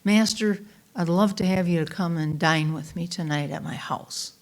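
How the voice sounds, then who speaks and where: A woman's voice: fairly low pitch, moderate pace, natural voice. Woman voicing an eager nervous host. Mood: hesitant. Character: eager, nervous man hoping to host a guest.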